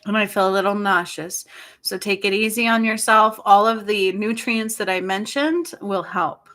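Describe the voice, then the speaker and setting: A woman in her forties hosting a spiritual healing livestream, talking softly and tenderly, tearful and apologetic. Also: medium pitch, normal speed. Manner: soft, tender and tearful, with frequent apologies and laughs. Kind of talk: emotional livestream talk.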